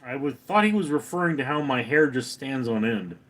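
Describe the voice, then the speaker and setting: A man hosting a casual livestream, reading chat comments aloud and answering with deadpan, sarcastic replies. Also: mid-range voice, a little fast.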